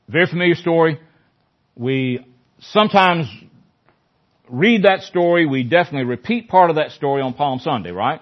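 A man's voice: on the high side, lively intonation, moderate pace. A man leading a Bible study in a conversational teaching style, often repeating phrases for emphasis. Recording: dull lo-fi recording.

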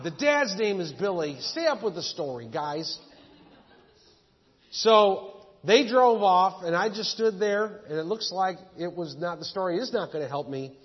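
Male pastor, joking folksy preacher, high voice, recorded dull and echoey in a church hall. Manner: folksy storytelling with jokes. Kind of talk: sermon.

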